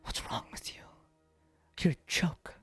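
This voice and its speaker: A man's voice: fairly high pitch, animated, slow pace, slightly rough, exaggerated voice. A cruel, mocking voice inside someone's head, as a man puts it on, sneering and taunting, slipping into a half-whisper. Faint music plays under the tabletop game.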